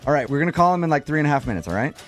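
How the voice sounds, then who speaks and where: A man's voice: fairly high pitch, very animated, rapid-fire, over loud music. A man hosting a morning radio show, blunt and teasing with his co-host and callers.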